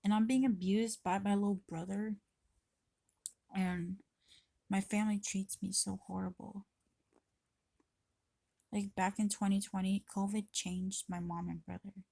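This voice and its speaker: A woman's voice: mid-range voice, level tone, unhurried, vocal fry, pauses often, mellow, no echo. A woman vlogging to her camera in a rambling, confessional way, swearing freely and often restarting her sentences. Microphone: camera mic.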